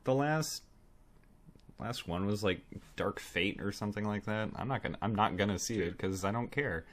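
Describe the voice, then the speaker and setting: A man with a fairly low voice, co-hosting a casual film podcast. He talks in a relaxed, wry way and chuckles now and then while he gives his verdicts. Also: moderate pace. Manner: laid-back, wry, chuckling. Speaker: podcast co-host reviewing films. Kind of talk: casual chat.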